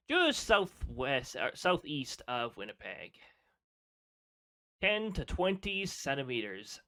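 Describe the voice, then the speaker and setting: A man's voice: fairly high pitch, fairly bright tone. A man chatting casually on a live stream, laughing often and reading off weather details.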